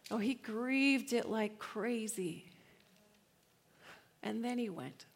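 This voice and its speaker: A woman in her thirties giving a casual, slangy church talk, laughing often and swinging from hushed to loud. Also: mid-range voice, animated, moderate pace, creaky. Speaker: speaker at a church gathering.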